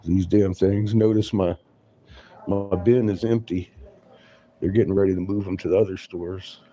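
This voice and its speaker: A man's voice: low voice, steady tone, moderate pace, dark tone, highs cut off, soft background music. A man chatting casually on a livestream from his glassblowing workshop. He laughs often, swears freely and rambles through stories.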